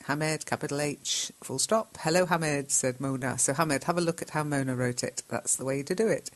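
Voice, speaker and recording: A woman hosting a lesson, reading out learners' posts, patiently correcting them and laughing often. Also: on the low side. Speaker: English teacher and host.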